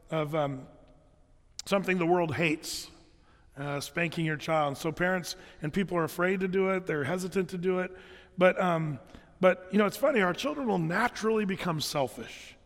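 A man preaching a sermon as a pastor, conversational and halting, with many fillers and restarts. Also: sits high, big-room sound.

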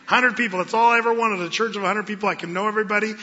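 Male pastor, high bright voice, lively sermon with acted-out quotes, long hall echo, dull lo-fi sound. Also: very fast. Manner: animated, acts out quotes in voices. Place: church sanctuary.

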